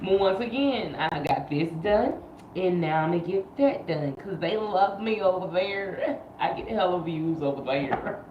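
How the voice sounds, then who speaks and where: A chatty woman with a fairly low voice runs a casual tarot livestream, full of slang and repeated phrases. Her voice bounces around an echoey room. The sound is a little muffled and lo-fi. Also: animated, unhurried, background noise. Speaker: tarot reader.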